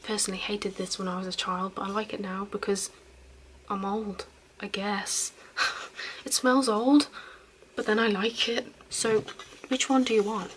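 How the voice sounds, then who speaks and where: A young woman talks in a hushed, whispered role-play, gently fussing over a friend. Her voice sits at a middle pitch and stays chatty and reassuring. A clear background hiss runs under the recording. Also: steady tone, measured pace, pauses often, poor audio. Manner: soft, chatty and reassuring, with giggles. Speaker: ASMR host playing a caring best friend.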